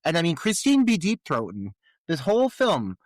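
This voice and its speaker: A man's voice: fairly high pitch, huge pitch swings, normal speed, no echo. A man co-hosting a podcast, giving crude, joking commentary on a film. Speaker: podcast co-host. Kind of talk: casual chat recapping a film.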